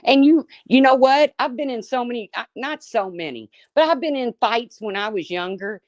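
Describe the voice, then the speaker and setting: A woman's voice: fairly high pitch, lively intonation, normal speed, no room sound, clean studio sound. A middle-aged woman hosting a live chat, talking bluntly and swearing freely, reading viewers' names aloud between folksy stories. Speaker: livestream host. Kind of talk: casual live chat, storytelling.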